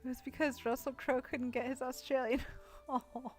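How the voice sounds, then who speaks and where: Young woman streamer, relaxed and giggly, slightly high voice, soft music underneath. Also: normal speed. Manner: giggly, chatty, reads chat aloud. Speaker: game streamer. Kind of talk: casual live-stream chat.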